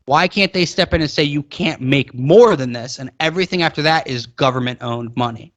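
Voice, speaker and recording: Animated young man ranting in casual banter. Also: brisk. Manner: animated, rants with rising pitch and mock quotes. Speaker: podcast co-host.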